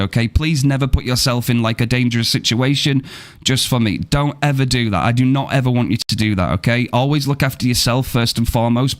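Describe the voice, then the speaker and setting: A man chatting casually with his viewers on a live game stream, upbeat and thankful as he answers the chat. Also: medium pitch.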